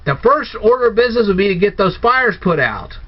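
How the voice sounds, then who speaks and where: A man's voice: sits high, lively intonation, a little fast. A man giving a casual spoken movie review, firing off incredulous, sarcastic rhetorical questions. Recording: dull lo-fi recording.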